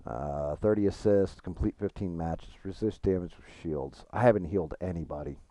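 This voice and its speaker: A man's voice: deep voice, normal speed, warm tone, no room sound. A man chatting casually with his stream chat while gaming, frank and profane, rambling and restarting his thoughts.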